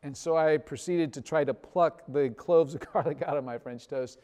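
A man preaching a sermon as pastor, telling a story with big swells in loudness and soft, trailing phrase endings. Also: a little high, normal speed, few pauses, long reverb tail. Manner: animated storytelling, swells loud on punchlines, drops soft at ends.

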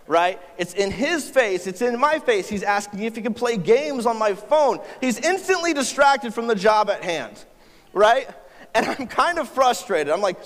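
A man in his thirties preaches with a rather high voice, joking and chatting with the crowd as he tells a family story. The sound carries a long reverb from the hall around him. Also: animated, a little slow, a bit bright. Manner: humorous, conversational, talks to the audience. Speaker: pastor. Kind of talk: sermon with personal stories.

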